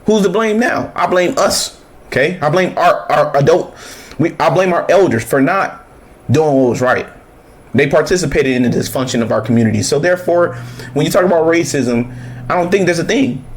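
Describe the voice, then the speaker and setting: A fairly high-voiced man reacting to clips in loose, profane commentary. He talks bluntly and mockingly, jumping between rants and quick asides. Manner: blunt, animated, mocking, swears freely.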